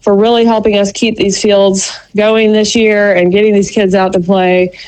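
A woman's voice: mid-range voice, flat delivery, moderate pace, darkish tone, rough recording. Woman, local sports correspondent, chatty and rambling, filler-heavy. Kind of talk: radio call-in report.

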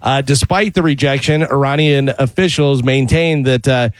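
A man's voice: mid-range voice, normal speed, no room sound, low-quality recording. A man reading the news on a morning radio show, plainly and with joking asides. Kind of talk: casual radio news segment. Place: radio studio.

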